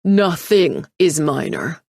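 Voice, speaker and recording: A woman voicing an arrogant, impatient male tech mogul who talks loud and dismissive. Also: fairly low pitch, animated, moderate pace, no echo, clean studio sound. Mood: curt.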